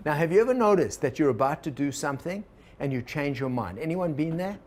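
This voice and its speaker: A man teaching a workshop to a live group, relaxed and digressive, often turning to the audience with questions. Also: fairly high pitch, brisk, a little hiss or hum. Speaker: organizational consultant teaching a workshop.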